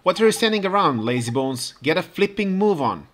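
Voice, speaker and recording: A man's voice: sits high, sing-song, a little fast, a bit bright, slight background noise, voice pushed up. A man doing a brash, cheeky fairy sidekick. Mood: scolding. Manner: brash, scolding, rough slangy talk. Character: cheeky pushy male fairy companion.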